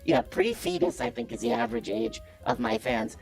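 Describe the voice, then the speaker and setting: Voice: huge pitch swings, moderate pace, vocal fry, a little mellow, slightly rough, faint music behind, exaggerated voice. A caller doing a comedic impression of a boastful self-styled male business guru, cocky and evasive. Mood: smug. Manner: cocky, evasive and defensive, pitch swinging wildly. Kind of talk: comedic impression on a call-in show.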